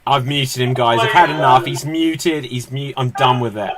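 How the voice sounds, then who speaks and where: A man's voice: mid-range voice, moderate pace, a loud crowd. A man hosting a live online improv comedy show over a video call, upbeat and laughing as he explains the games. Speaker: host.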